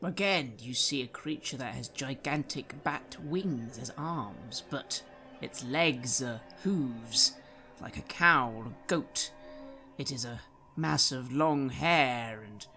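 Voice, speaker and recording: Gravelly bright-toned guy running a tabletop game, painting scenes in detail. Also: mid-range voice, takes it slowly, faint music behind. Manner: detailed, vivid scene-setting. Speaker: game master. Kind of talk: descriptive tabletop narration.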